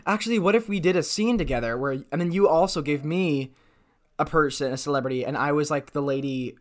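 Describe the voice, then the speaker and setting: A man's voice: on the high side, a little fast. A man co-hosting a casual comedy podcast, rambling with many fillers. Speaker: podcast co-host.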